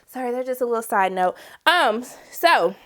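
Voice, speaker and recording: A young woman casually recapping a TV episode, slangy, profane and animated, acting out the characters' lines as she goes. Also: fairly high pitch, normal speed. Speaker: TV show reviewer.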